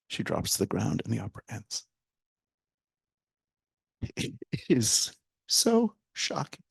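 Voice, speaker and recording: A man's voice: medium pitch, creaky, breathy edge, no echo. A man speaking as a guest at a public talk, animatedly retelling a story and acting out quoted lines, sometimes dropping almost to a whisper. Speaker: guest speaker, theater director. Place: library event hall with live audience.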